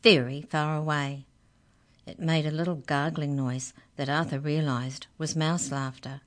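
A woman hosting a radio storytime, reading a children's book aloud in an expressive, gentle way. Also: deep voice, normal speed. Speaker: storytime reader on community radio.

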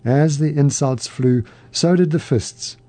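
A man hosting a program, reading a story aloud in a measured, gently humorous way. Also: a little high, dry recording. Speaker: radio program host.

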